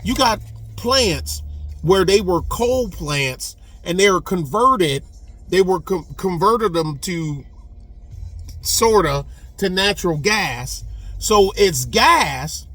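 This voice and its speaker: A middle-aged man with a drawl talks in a high, lifted register and takes his time. His folksy, rambling commentary keeps wandering onto side tangents. Soft music plays faintly under him. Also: lively intonation, slow pace. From Texas. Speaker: channel host. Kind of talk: casual commentary.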